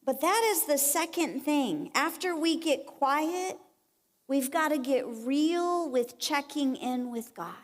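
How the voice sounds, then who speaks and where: A woman giving a conversational, animated sermon at a church women's conference and acting out the lines she quotes. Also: high-pitched. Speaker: conference speaker. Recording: long reverb of a church hall.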